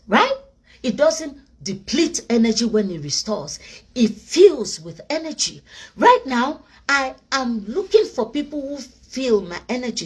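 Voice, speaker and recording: A woman's voice: a little high, breathy edge. A woman with a Nigerian accent giving an emphatic, preachy motivational monologue to her followers, slipping into Yoruba and Pidgin. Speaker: vlogger.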